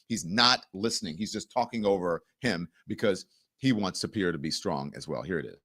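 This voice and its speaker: Animated man doing political commentary. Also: deep voice, fairly quick. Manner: animated, exasperated, talks back at the clips. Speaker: show host. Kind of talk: political commentary over clips.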